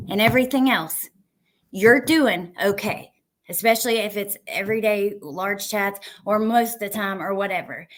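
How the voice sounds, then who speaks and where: A woman hosting a casual live stream, reading viewer comments aloud. She swears heatedly at people in her chat and then thanks her chatters warmly. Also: fairly high pitch.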